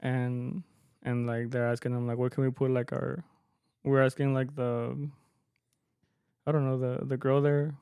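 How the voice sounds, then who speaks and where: A man co-hosting a podcast, telling a gig story in relaxed chat and switching between English and Spanish. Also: mid-range voice, a little slow, pauses often, clean tone, dry recording, studio quality. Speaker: podcast co-host, mariachi musician. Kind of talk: casual chat.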